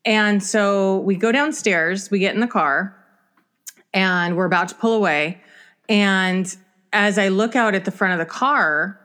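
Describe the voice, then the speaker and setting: A middle-aged woman co-hosting a podcast, telling a story in casual chat and acting out the dialogue. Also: medium pitch. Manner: animated storyteller, acts out quoted dialogue. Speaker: podcast co-host.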